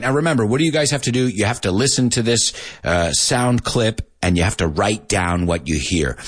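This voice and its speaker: A man's voice: on the low side, breathy edge. A man hosting a casual live English lesson, joking and laughing a lot and dropping into Spanish asides. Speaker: English teacher and show host.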